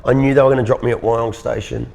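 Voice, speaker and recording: An Australian man in his thirties, an interview guest telling a personal story in an earnest, halting way, often repeating words. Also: mid-range voice, level tone, creaky, a little mellow.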